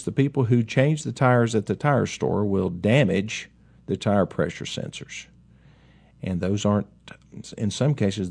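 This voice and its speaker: A man's voice: lowish voice, creaky, a little mellow, breathy edge. A middle-aged man who owns a car dealership, hosting a casual talk segment in a folksy, rambling way with chatty asides. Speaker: car dealership owner and radio host.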